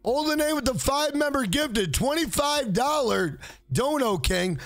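A young man livestreaming a game, shouting hyped shout-outs and telling profane stories in a loud casual chat. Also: very high-pitched, expressive, unhurried, dry recording.

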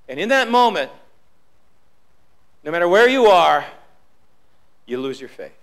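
Man, pastor, very high voice, sharp and bright, emphatic sermon, church. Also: lively intonation, unhurried, gravelly, pauses often. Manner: emphatic preaching, repeats key lines, drops low for quotes. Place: church sanctuary.

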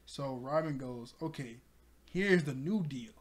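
A man casually recapping a cartoon episode for his channel, excitable, laughing often and breaking into loud exclamations. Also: medium pitch, measured pace.

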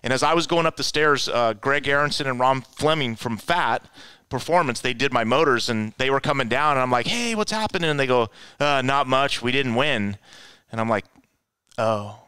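A man tells stories in a casual, animated way, jumping into the voices of the people he quotes. His voice is bright and clear. The recording is dry, with little room sound. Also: mid-range voice, moderate pace, no room sound. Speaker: guest, offroad racer. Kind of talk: casual storytelling.

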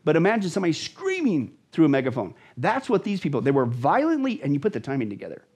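A pastor on a show explains scripture with rising urgency and a lot of repetition. His voice is a touch husky and sits on the higher side for a man. His pitch swings widely as he presses every point. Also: wildly swooping pitch, fast talker, a little mellow. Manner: intense, dramatic, repeats words for emphasis. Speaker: pastor, guest. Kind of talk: emphatic Bible teaching in conversation.

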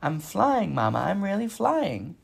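A man voicing an excitable young male gosling learning to fly, with a squeaky voice, in a storybook reading. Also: fairly quick, creaky, husky, heavily acted. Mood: thrilled.

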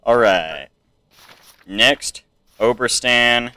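Bright-voiced young man narrating a game. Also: medium pitch, drawn-out words, dry recording. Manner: chatty, reads game text aloud, tries silly accents. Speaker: gameplay streamer. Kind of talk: casual let's play commentary.

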